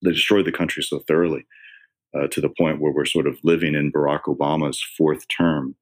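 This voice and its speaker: A man with an extremely deep, low voice talks as a podcast guest. He rambles in a casual discussion, hesitant and full of fillers and restarts. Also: steady tone, fairly quick.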